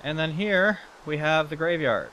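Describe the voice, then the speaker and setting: A man's voice: a little high, lively intonation, measured pace, bright, forceful tone, a little hiss or hum. A man hosting a let's play, chatting casually and swearing as he guides a tour through a game world. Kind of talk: casual gameplay commentary.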